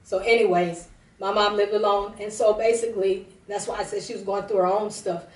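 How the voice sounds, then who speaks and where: A prophetess broadcasting a service speaks briskly in a mid-range voice with fairly even intonation. Teary, she rambles through a personal testimony and restarts many times, heard in a roomy recording far from the microphone.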